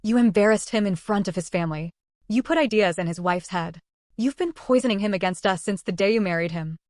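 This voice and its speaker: A woman's voice: brisk, dry recording, clean studio sound, lightly acted. A woman reading a cold, menacing older father-in-law. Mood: contemptuous. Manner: cold, contemptuous, low and quiet.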